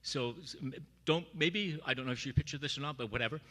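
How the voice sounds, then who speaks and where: Middle-aged guy telling animated stories at a memorial, bright voice, long church echo. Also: mid-range voice, quick pace. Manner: animated, acts out quoted voices. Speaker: memorial speaker. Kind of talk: personal storytelling at a memorial. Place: church sanctuary.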